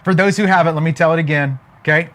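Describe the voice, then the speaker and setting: A man with a fairly high voice gives an emphatic motivational talk. He tells stories, builds to punchlines and keeps asking his audience whether they are following. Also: fairly even intonation, fast, a bit bright. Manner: emphatic, with frequent "okay?" check-ins. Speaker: motivational speaker.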